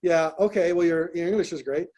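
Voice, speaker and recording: A man with a notably high voice coaches people on a group call. He talks in a direct, encouraging way and often restarts and repeats his words. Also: fairly quick, mellow. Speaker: host, business coach.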